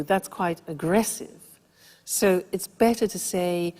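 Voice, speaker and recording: A woman teaching English phrases for agreeing and disagreeing, explaining slowly and clearly. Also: fairly low pitch, steady tone, mellow. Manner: slow, clear teaching delivery. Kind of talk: language lesson explanation. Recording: long hall reverb.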